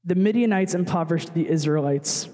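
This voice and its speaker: A man's voice: on the high side, fairly quick, mellow, big-room sound. A young man, a worship leader, giving a casual, chatty sermon full of asides and fillers.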